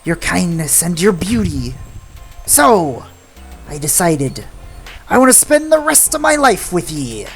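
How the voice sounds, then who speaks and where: A woman's voice: fairly low pitch, sing-song, unhurried, slightly rough, faint music behind, exaggerated voice. A woman voicing an earnest, lovestruck male pirate sailor in a video game, with old-timey sailor speech. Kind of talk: reading game dialogue aloud.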